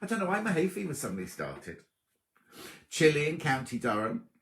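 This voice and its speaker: A man's voice: a little high, huge pitch swings, fairly quick, a bit bright. Chatty man in a roomy room. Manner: chatty, teasing, greets viewers by name. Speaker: sewing show host. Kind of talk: casual livestream chat. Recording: roomy echo.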